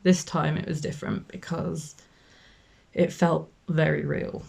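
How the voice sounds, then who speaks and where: A woman's voice: low-pitched, little pitch movement, a little slow, creaky, a little mellow. A woman co-hosting a casual film review from home, talking frankly and chattily.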